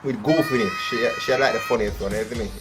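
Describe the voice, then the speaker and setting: A man with a Jamaican accent giving chatty, animated reaction commentary, often asking "you see me?". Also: mid-range voice, fast, music in the background. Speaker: reaction video host.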